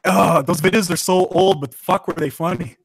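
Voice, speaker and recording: Canadian guy guesting on a podcast, rambly and sweary, slightly high voice, dry close mic. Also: moderate pace, breathy edge, no echo, low-quality recording. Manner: rambling, profane, laughs at own jokes. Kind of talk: casual podcast chat.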